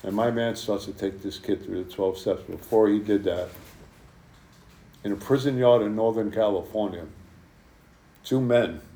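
A man's voice: lowish voice, dark tone, reverberant. A man speaking at a recovery meeting, telling a personal story to the group in a blunt, conversational way with lots of fillers.

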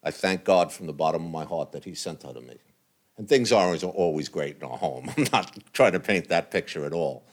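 An older man talks to a men's group, candid and blunt, never softening his plain words. His voice sits a little low, and he sounds earnest about what he says. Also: expressive, brisk. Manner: blunt and earnest, plain language with mild cursing. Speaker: recovery group speaker.

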